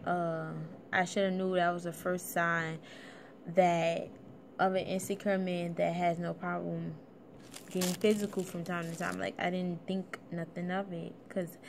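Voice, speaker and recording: A woman's voice: fairly low pitch, flat delivery, measured pace, vocal fry, slight background noise. A young woman, a little out of breath, telling a casual personal story in a blunt, swearing vlog style. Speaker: vlogger.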